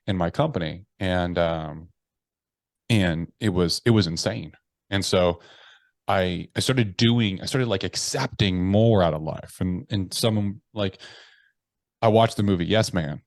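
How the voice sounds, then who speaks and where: Animated, profane low-voiced man. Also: no echo, clean studio sound. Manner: animated, profane, acts out his inner voices; drops low and quiet when confessing. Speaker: podcast guest. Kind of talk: candid storytelling in conversation.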